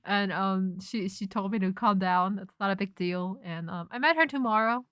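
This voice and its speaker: A young woman streaming on her own and chatting casually, sounding bright and a little tense in her voice. Her tone is crisp and clean, and she tells her story in a rambling, animated way, stopping and restarting as she goes. It is recorded dry and close on the mic, with no room sound. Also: medium pitch, normal speed, few pauses, no room sound. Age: young adult. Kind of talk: casual chat.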